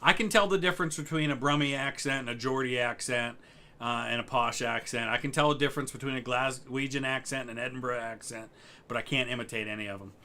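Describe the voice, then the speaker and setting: A man's voice: mid-range voice, quick pace. A middle-aged American man, co-hosting a live stream, chatting casually and answering viewers' questions. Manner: relaxed, rambling, answers chat questions. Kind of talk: casual chat.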